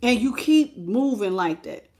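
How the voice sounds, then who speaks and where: A woman's voice: fairly high pitch, expressive, unhurried, mellow. A woman tarot reader giving a preachy, emphatic spiritual pep talk in casual, repetitive speech.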